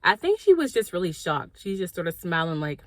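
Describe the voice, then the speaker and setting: A woman with a lowish voice tells a personal story for her vlog, casual and slangy, talking straight to her viewers. She acts out what everyone said, and her voice jumps high when she gets worked up. The sound is dry and close, with no room echo. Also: normal speed. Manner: animated storytelling, acting out quoted dialogue; slangy, direct, addresses viewers as y'all. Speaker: vlogger.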